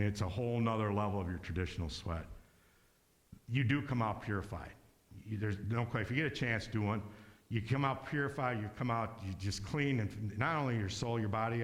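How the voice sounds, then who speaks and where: A man with a lowish voice tells rambling stories to a spiritual community, animated and loose. He slips into acted-out voices now and then. His voice rings with the long reverb of a hall. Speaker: guest speaker. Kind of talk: casual storytelling talk.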